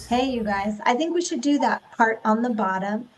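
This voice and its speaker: A woman's voice: on the high side, moderate pace, hardly any pauses, slight background noise, poor audio. A woman leading an online group speech class, encouraging her students as she coaches them through rhythm drills.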